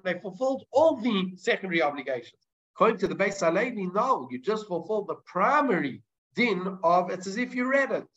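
A man leads a Talmud lesson in a fairly high voice. He works through the argument step by step, dropping Hebrew terms into his English and restarting sentences as he goes. The recording sounds dull and lo-fi. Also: fairly bright tone. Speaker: Torah teacher. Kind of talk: Talmud class lecture.

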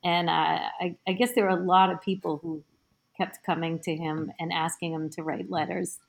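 A woman guest on a podcast, a teacher, chatting and explaining in a halting way with many restarts, heard over a remote call. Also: on the low side, level tone, vocal fry. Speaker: guest, teacher of Italian studies. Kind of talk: casual podcast chat.

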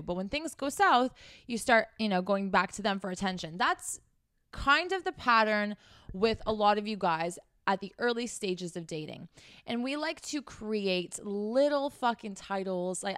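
A woman's voice: mid-range voice, a bit bright, dry recording, clean studio sound. A woman hosting a podcast, giving blunt, profane dating advice and scolding her listeners. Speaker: podcast host.

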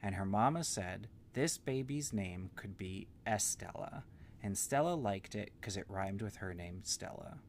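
A man with a low, gravelly voice tells a meandering bedtime story in simple childlike words. His delivery is gentle and unhurried, and a faint hiss sits under the recording. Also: animated.

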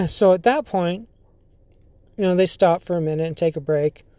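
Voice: medium pitch, a little mellow, clear, resonant tone, no room sound. A podcast host telling a story casually, hesitant and full of fillers and restarts. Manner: halting, filler-heavy, often restarts sentences.

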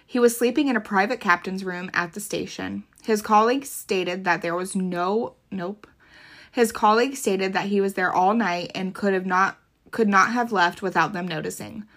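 A woman's voice: medium pitch, creaky, fairly bright tone. Blunt, profane young woman from Florida. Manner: blunt, profane, laughing storyteller. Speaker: true crime podcast co-host. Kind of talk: casual chat.

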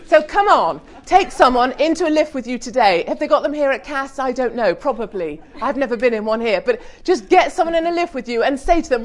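Blunt, energetic British businesswoman. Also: high voice, fairly quick, hardly any pauses. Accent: British English. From United Kingdom. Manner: blunt, energetic, humorous, mildly swearing. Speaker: panel speaker on women in business. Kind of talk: lively panel talk to an audience.

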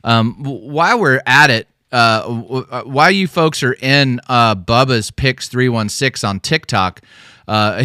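A man's voice: mid-range voice, bright, forceful tone, dry recording, studio quality. A man co-hosting a casual podcast, telling stories full of fillers and restarts. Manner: rambling storytelling with many fillers and restarts. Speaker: podcast co-host.

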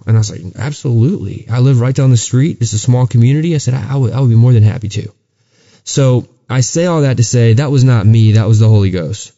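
A man's voice: medium pitch, fairly quick, dark tone, lo-fi sound. A man co-hosting a podcast, telling a story of his faith in an earnest, casual way, often stumbling and restarting. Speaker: podcast co-host. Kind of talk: casual chat and testimony.

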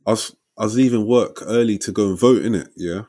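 A young man telling a story in casual chat, lively and slangy, ending lines with "innit" and "yeah". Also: lowish voice, a little fast.

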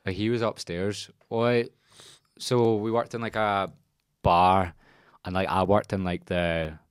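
Young northern irish man, deep low voice, dry close sound, casual sweary storytelling. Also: flat delivery, unhurried, clear, resonant tone, no echo. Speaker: podcast host and coach. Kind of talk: casual podcast chat.

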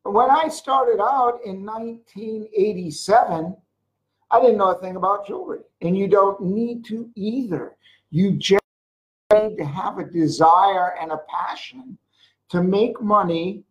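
An older speaker giving a motivational sales talk about a jewelry business, telling rambling stories with sudden loud bursts. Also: medium pitch, slow pace, dull audio. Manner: mocks whiners in a put-on voice.

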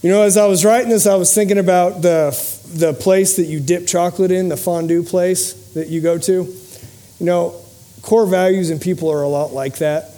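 A man's voice: high voice, steady tone, normal speed, mellow. A man giving a motivational speech to a live audience, telling personal stories in an earnest, humorous way. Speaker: motivational speaker and podcast host.

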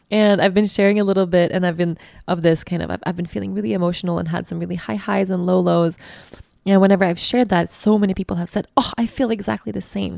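A woman's voice: lowish voice, gravelly, darkish tone, no room sound, clean studio sound. A woman hosting her own podcast, talking in a casual, heartfelt, reflective way from a guest bedroom, often restarting her sentences. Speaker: podcast host. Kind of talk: casual solo podcast monologue. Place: guest bedroom, sitting on a bed.

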